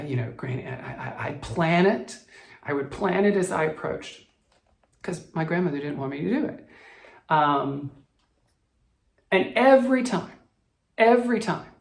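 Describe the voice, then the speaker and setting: A man from the American South who makes cross-stitch videos recalls a childhood memory, rambling, reflective and restarting often. His fairly high voice is gravelly and reverberant, and at times he chokes up with emotion.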